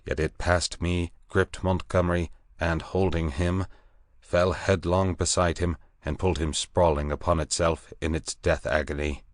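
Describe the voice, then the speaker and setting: A man narrating an audiobook in a measured, deliberate reading voice on a close mic. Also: low-pitched, fairly even intonation, dry recording. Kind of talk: scripted narration.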